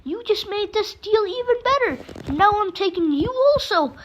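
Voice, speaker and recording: A woman voicing a menacing male gang leader with a bat, taunting and sneering in a loud, mocking voice. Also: very high voice, animated, normal speed, slight background noise, pitched above the performer's own voice.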